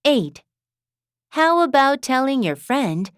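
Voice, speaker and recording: Slow, lively-voiced woman reading gently. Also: fairly high pitch, no room sound, clean studio sound. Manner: gentle, slow and clearly enunciated, as if speaking to a child. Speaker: example sentence reader. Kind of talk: scripted reading of parenting phrases.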